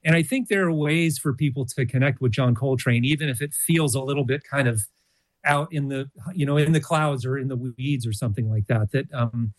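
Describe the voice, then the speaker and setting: A man's voice: medium pitch, a little fast, no room sound. A man, a college jazz orchestra co-director, answering interview questions thoughtfully, with frequent fillers and restarts. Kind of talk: radio interview.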